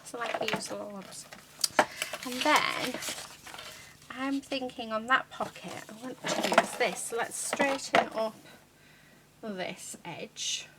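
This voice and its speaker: A woman's voice: fairly high pitch, takes it slowly, pauses often. Woman, craft-channel host, rambling chatty tutorial, noisy recording with tool clicks. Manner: chatty, rambling, many fillers.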